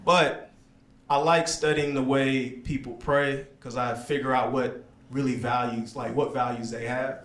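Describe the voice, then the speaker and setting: A man from the American South doing a stand-up comedy set in a small lounge, talking in a relaxed, conversational way and slipping into put-on voices for his characters. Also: medium pitch, measured pace. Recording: echoey club room with loud audience noise.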